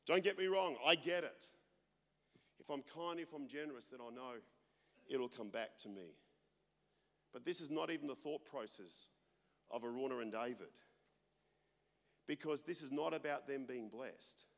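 A man preaching a sermon, loud and animated, telling stories with self-deprecating humor. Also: medium pitch, normal speed, gravelly, long pauses, long reverb tail. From Australia. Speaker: pastor. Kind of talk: sermon with storytelling.

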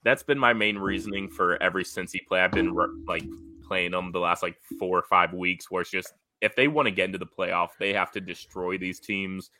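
A man's voice: low-pitched, fairly even intonation, fairly quick, noisy background. A man with a Midwestern accent in a casual sports betting chat, easygoing, rambling and self-mocking. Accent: Midwestern American.

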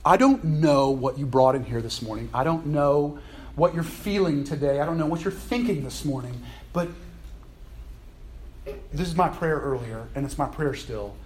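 Animated preacher man, slightly high voice. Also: moderate pace, slight background noise. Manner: conversational, animated, playful asides. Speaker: pastor. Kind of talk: sermon.

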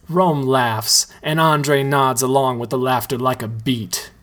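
A man reads a comedic story aloud in a slow, deadpan manner. His voice sits at a middling pitch, and his delivery is unhurried. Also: crowd noise. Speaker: story reader.

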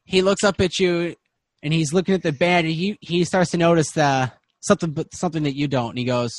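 A man narrating as game master in a tabletop game, with casual, halting narration. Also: fairly high pitch, steady tone, no echo, clean studio sound.

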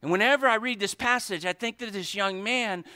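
A man preaching as pastor, swinging from hushed pleading to shouted intensity as he calls out to God. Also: high voice, a little fast, clear, resonant tone, no echo, clean studio sound. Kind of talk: sermon.

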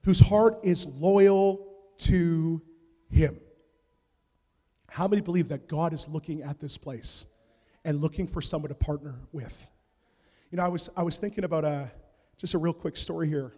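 A man from Canada preaching a sermon, telling stories with swings from hushed asides to loud shouts. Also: a little high, fairly quick, breathy edge. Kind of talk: sermon storytelling. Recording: long reverb of a large hall.

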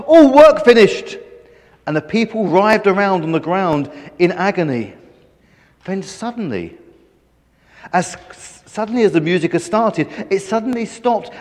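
High-voiced man reading a story aloud. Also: a little slow, long reverb tail. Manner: animated, playful emphasis with repeated phrases.

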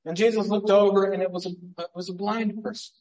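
A man preaching a sermon as pastor, conversational, moving between emphatic stresses and hushed asides. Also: high-pitched, level tone, fast, far from the mic, lo-fi sound.

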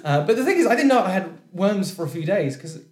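British-accented guy telling a funny story, bit high-pitched, laughy and animated, echoey room. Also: fast. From France. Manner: animated, restarts, laughs through lines. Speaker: comedian storyteller guest. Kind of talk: comedic personal storytelling. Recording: roomy echo.

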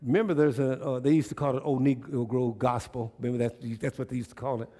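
A man with a medium-pitched, dark, level voice preaches quickly to his church congregation as their pastor. His sermon is folksy and conversational, and he often puts rhetorical questions to his listeners.

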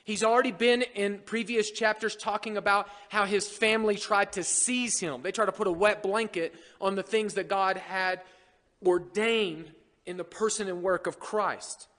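High-voiced joking preacher in a hall. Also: male voice, steady tone, moderate pace, fairly bright tone. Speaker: pastor. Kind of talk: sermon. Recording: long hall reverb.

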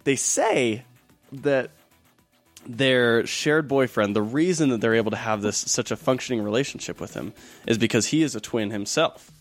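A young man hosting a casual podcast, relaxed and storytelling with frequent laughs. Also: medium pitch, normal speed, dry recording, soft background music. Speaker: podcast host. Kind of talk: casual chat.

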